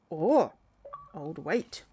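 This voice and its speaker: A woman's voice: fairly low pitch, very animated, very slow, dark tone, breathy edge. A young woman streaming a game, chatting playfully and giggling at her finds. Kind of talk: casual game stream commentary.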